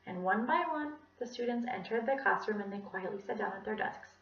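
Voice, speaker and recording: Animated young woman telling a children's story. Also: mid-range voice, a little fast. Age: young adult. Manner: animated, voices many characters. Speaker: student storyteller. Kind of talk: storytelling performance of a children's book. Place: classroom. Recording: distant mic, roomy, dull sound.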